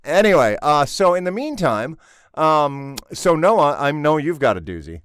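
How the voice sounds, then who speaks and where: A man's voice: a little high, very animated, a little slow, a bit bright. A man hosting a casual podcast chat, joking and teasing his co-hosts. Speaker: podcast host.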